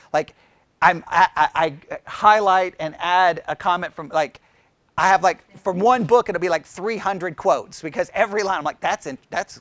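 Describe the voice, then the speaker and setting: A middle-aged man leading a Bible study, chatty and animated, often asking the group questions. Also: sits high, dry recording.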